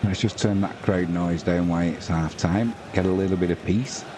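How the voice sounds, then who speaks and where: A man's voice: deep voice, fairly even intonation, normal speed, noisy background. A man hosting a live football watch-along, commentating and chatting casually with viewers. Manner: chatty, talks to viewers and reads out chat messages.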